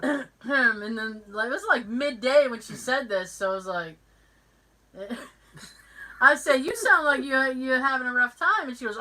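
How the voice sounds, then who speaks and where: Woman, podcast host, casual chat, lively swooping pitch, bright tone, acts out voices in her stories. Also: unhurried, low-quality recording. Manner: animated storyteller who acts out every voice in her anecdotes.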